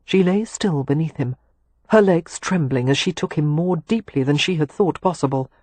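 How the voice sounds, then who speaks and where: A male narrator reads a romance audiobook in a slow, intimate way. His voice sits a bit high and sounds husky. The recording is close and dry. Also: darkish tone, dry recording. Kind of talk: scripted narration.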